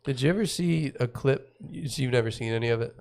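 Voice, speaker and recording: A man's voice: medium pitch, quick pace, vocal fry, a little mellow. A man co-hosting a podcast, telling stories in casual chat with lots of "like" and swearing. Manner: rambling storyteller, heavy "like" filler, swears. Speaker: podcast co-host.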